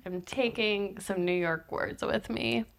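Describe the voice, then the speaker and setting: A woman's voice: medium pitch, slow, vocal fry. A woman chatting casually as a podcast co-host, telling stories in a dry, wry way. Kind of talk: casual chat.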